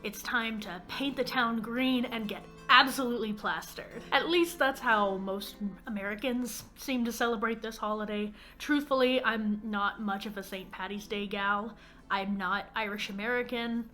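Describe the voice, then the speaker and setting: A woman's voice: a little high, steady tone, moderate pace, pushed and bright, soft background music. A woman hosting an educational vlog, explaining an anthropology topic with self-mocking, nitpicking asides. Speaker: anthropology video creator.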